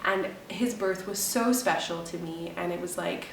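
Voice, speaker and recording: A young woman talks to her camera in a rambling, emotional way that often breaks into laughter. Her voice sits at a middle pitch and comes from a little away from the mic. The room gives it an echo, with a faint hum underneath. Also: moderate pace, vocal fry, recorded from a distance. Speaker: vlogger. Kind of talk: casual chat.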